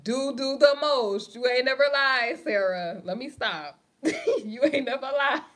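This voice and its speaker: A woman's voice: high voice, a little slow, a bit bright. A young woman from New York with a New York accent, hosting a casual livestream and chatting with viewers, laughing often and talking in slang. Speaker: livestream host. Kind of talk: casual livestream chat reading comments.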